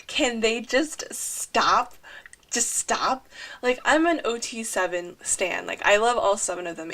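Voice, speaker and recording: A young woman talking over her drawing video, gushing and rambling excitedly with sighs and lots of "like". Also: fairly high pitch. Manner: rambling and breathless, often saying "like". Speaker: artist narrating a drawing video. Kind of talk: casual chat voice-over.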